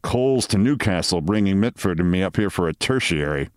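A man reading as a gruff, grumbling older male specialist doctor. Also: low-pitched, lively intonation, a little fast, dry recording, studio quality.

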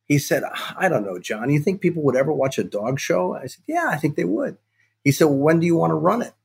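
A middle-aged man, a guest on a podcast, telling a lively anecdote and acting out the dialogue of the people in it. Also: a little high, fast talker, creaky, slightly rough. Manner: animated anecdote-telling, acts out quoted dialogue. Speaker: sports television executive, guest. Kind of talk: casual storytelling in a podcast interview.

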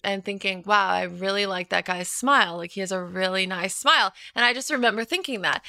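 A woman in her thirties chatting as a guest, telling an animated story full of fillers and acted-out quotes. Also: mid-range voice, no room sound. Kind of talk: casual chat, storytelling.

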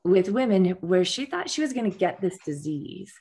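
Gravelly-voiced earnest woman storyteller. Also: medium pitch, big pitch swings, moderate pace, dark tone. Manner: earnest, frequent restarts and repetitions. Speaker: guest. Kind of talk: personal storytelling in conversation.

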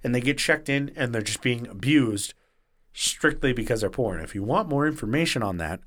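Animated man retelling a story. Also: medium pitch, a little fast. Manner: animated retelling, swearing, acting out quotes in varied voices. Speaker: podcast host. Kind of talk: casual storytelling chat.

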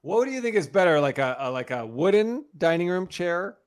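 A man's voice: high voice, brisk, smooth. A man in his thirties telling funny stories about his toddler in a casual chat. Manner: animated storyteller, mimics a toddler's voice in quotes.

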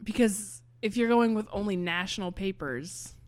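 A woman's voice: mid-range voice, normal speed. A woman co-hosting a comedy podcast, jumping in playfully with absurd additions and laughing often. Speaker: podcast co-host. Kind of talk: improvised comedy storytelling.

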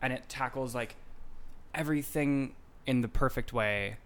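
A man's voice: mid-range voice, moderate pace, a bit bright. A man co-hosting a podcast, chatting with playful enthusiasm. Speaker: podcast co-host. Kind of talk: casual chat.

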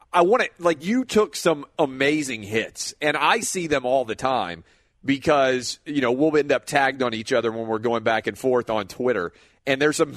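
A man's voice: mid-range voice, fairly bright tone, no room sound. A man hosting an interview, asking leading questions with enthusiasm. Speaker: interview host. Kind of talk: conversational interview.

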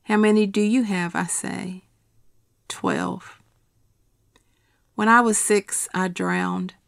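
A middle-aged woman reading her personal essay aloud in a quiet, measured, steady way. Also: medium pitch, gravelly, clean tone, no room sound, clean studio sound.

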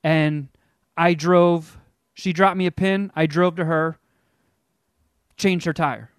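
A man's voice: fairly high pitch, steady tone, slow, clean tone, dry recording, studio quality. A man co-hosting a podcast, telling a comic story in a rambling, self-mocking way and acting out the people in it. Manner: acts out quotes in character voices. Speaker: podcast co-host.

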